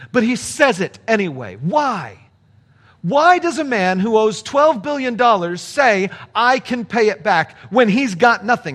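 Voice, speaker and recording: Animated, high-voiced preaching man. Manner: conversational, animated preaching with rhetorical questions. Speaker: pastor. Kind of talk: sermon.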